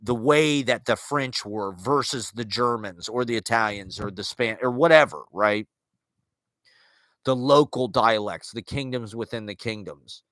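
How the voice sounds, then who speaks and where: Bright, rambling man musing aloud. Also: medium pitch, unhurried, dry recording. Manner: rambling, filler-heavy, restarts, wry asides. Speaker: podcast host. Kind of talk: casual monologue on literature and culture.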